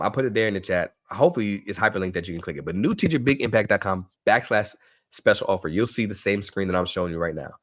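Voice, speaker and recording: A man with a fairly low voice presents a live online workshop for teachers. He talks with eager energy, often repeating words and checking in with his audience through questions. The sound is dry and close, with no room around it. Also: no room sound.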